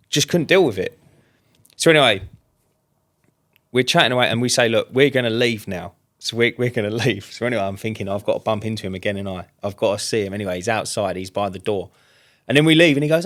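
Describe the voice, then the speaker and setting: Bloke co-hosting a podcast, rattles off a story quick, slangy. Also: male voice, medium pitch. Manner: fast, animated storyteller with slang. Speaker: podcast co-host. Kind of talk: casual storytelling chat.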